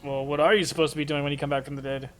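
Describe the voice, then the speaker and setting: A man's voice: a little high, level tone, racing, a bit bright, close to an everyday voice. A man voicing a brash, mocking young woman who has come back from the dead, in a live tabletop role-play. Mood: cocky, defiant. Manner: cocky, mocking, defiant.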